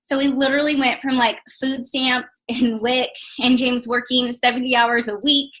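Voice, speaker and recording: A woman's voice: sits high, little pitch movement, moderate pace, a bit bright, low-quality recording. A young woman telling her personal story in a casual testimonial, chatty and full of "like" and "um". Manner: chatty, many fillers like "like" and "um". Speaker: network marketing distributor.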